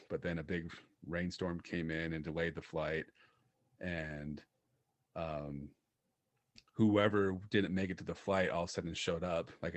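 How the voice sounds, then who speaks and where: A man with a deep, low-pitched voice chats on a podcast. He tells animated stories and laughs often, and the sound is dry and close. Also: no echo. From Utah. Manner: animated storyteller, laughs often, many fillers. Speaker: podcast co-host. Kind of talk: casual chat, storytelling.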